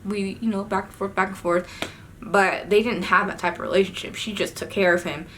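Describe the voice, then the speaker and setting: A young woman recounts a wild night in a casual storytime vlog, talking loose and slangy and breaking into sudden cursing outbursts. Her voice is bright and forward. A faint background hum sits under her. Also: mid-range voice, fairly even intonation, fairly quick. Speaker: vlogger.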